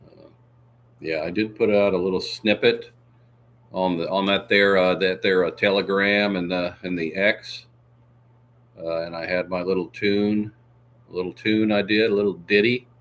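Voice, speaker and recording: A man's voice: low voice, steady tone, moderate pace, a bit bright, a little hiss or hum. A man hosting a livestream, chatting casually with viewers in a jokey, meandering way and sniffling now and then. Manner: jokey, meandering, full of "uh" and asides. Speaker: livestream host. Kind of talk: casual rambling chat with viewers.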